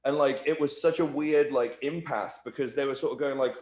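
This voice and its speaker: A man's voice: mid-range voice, fairly even intonation, a little fast, darkish tone, echoey room. A man being interviewed as a guest, telling loose, rambling stories full of "like" and "you know.". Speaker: professional wrestler, interview guest. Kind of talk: casual shoot interview storytelling.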